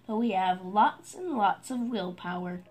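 A woman's voice: mid-range voice, a little slow, close to an everyday voice. A woman reading the lines of a sensible frog from a children's storybook, in a firm, patient tone. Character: sensible male frog trying for willpower.

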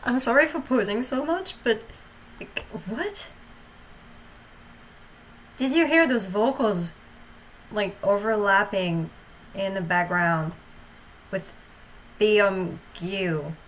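A woman's voice: mid-range voice, slow, a little hiss or hum, rough recording. A woman hosting a reaction video, talking casually with hesitant ums and gushing, emotional remarks.

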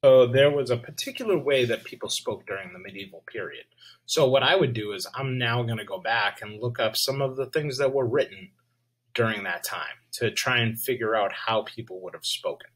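A male teacher giving a lesson video, speaking slowly and checking in with his students. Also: medium pitch, fairly bright tone, breathy edge, poor audio. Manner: slow, checks in with "all right?".

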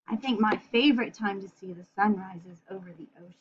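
A woman reading a picture book aloud to children, pausing for gentle, chatty asides to her young listeners. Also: mid-range voice, highs cut off, slight background noise. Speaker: children's storyteller.

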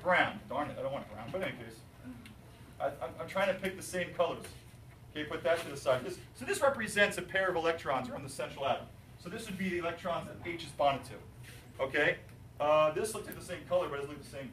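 A male chemistry teacher lecturing his class, animated and jokey, asking students questions. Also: fairly high pitch, fast talker, slight background noise. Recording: roomy, distant classroom recording.

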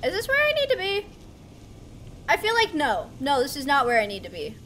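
Female streamer, high bright voice, excitable running commentary on gameplay. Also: fairly quick, a little hiss or hum. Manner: excitable, talks to herself, yelps. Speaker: gaming streamer.

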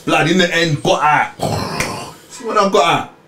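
A man's voice: on the high side, a little slow, reverberant, background noise. A man, co-hosting a podcast, telling stories in casual banter and laughing as he goes. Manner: animated storyteller, laughs while telling stories. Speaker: podcast co-host.

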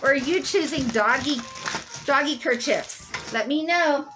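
A woman's voice: sits high, a little slow, music in the background, poor audio. A middle-aged woman hosting a live sale stream, chatty and rambling, laughing at her own jokes.

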